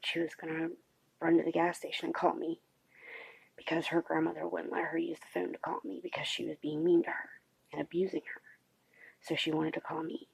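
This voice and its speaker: Woman vlogger, late-night confessional, gravelly rasp, very low, halting. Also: level tone, dry recording, low-quality recording. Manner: hushed, halting, many pauses and fillers. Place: home at night.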